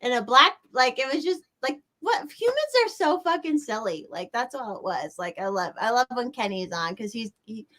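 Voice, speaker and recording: A woman's voice: fairly high pitch, animated, moderate pace, few pauses, a bit bright. A young woman hosting a casual livestream, chatting in a giggly, meandering way.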